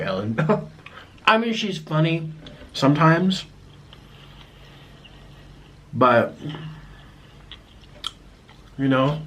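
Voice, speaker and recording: A man's voice: mid-range voice, fairly bright tone. Chatty young man rambling while eating. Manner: chatty, rambling, with frequent restarts and aside remarks. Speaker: mukbang vlogger. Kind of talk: casual eating-video chat.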